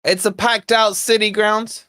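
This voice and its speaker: A man's voice: sits high, flat delivery, moderate pace, bright, forceful tone, no room sound, clean studio sound. A man hosting a football watch-along stream, chatting, joking and mildly swearing to viewers. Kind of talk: casual live-stream chat and commentary.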